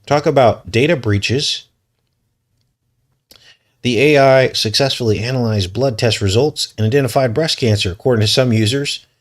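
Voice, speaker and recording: A man hosting a news commentary vlog, reading articles aloud and breaking in with suspicious, skeptical remarks. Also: mid-range voice. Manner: suspicious, conspiratorial tone. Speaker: channel host.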